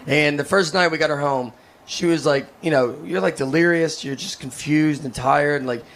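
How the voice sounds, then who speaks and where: A man from Tennessee, doing self-deprecating stand-up comedy in a deadpan way on a stage. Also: fairly high pitch, normal speed, creaky. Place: comedy stage with a live audience. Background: audience laughter.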